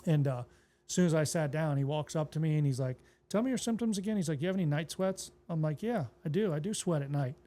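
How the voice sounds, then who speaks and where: Mellow-voiced pastor telling his story. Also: on the high side, fast talker. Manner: relaxed, plainspoken retelling that acts out quoted dialogue. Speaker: pastor and podcast guest. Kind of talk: casual interview storytelling.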